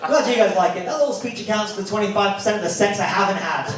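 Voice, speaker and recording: Young Northern English male stand-up comic, high and animated, recorded from afar in a roomy club with laughter. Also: fast talker, heavy background noise. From north of England. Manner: animated, jumps into high-pitched character voices for punchlines. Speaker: stand-up comedian. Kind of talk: stand-up comedy set. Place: comedy club. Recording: echoey club from a distance, clear crowd laughter.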